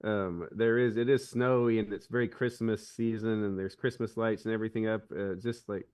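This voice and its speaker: A man's voice: on the low side, moderate pace, clean tone, distant mic. Rambling man, slightly off-mic. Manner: rambling, many restarts, animated retelling. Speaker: podcast co-host. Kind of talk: casual chat.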